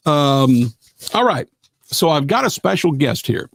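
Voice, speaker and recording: Folksy gravelly man hosting a live show. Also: on the high side, sing-song, unhurried, fairly bright tone, no room sound. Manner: folksy, rambling, self-deprecating, lots of fillers. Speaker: radio show host. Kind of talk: casual live-stream chat.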